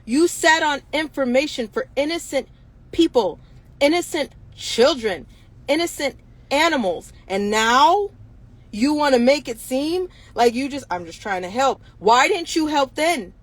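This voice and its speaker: A woman's voice: high voice, expressive, a little slow. A woman hosting her own show, speaking in an impassioned monologue full of indignant rhetorical questions. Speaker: show host.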